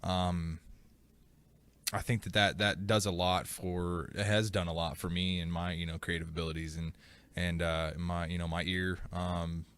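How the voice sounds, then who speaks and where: A man's voice: deep voice, level tone, moderate pace, a bit bright, smooth. A man, a musician guest on a podcast, talking in a loose, rambling way with lots of fillers and casual swearing. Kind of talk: casual chat.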